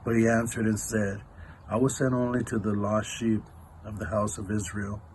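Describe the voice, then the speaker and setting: A man's voice: fairly low pitch, darkish tone, slight background noise, rough recording. A man, a church elder, gives a casual devotional talk and retells a scripture passage in everyday, conversational speech.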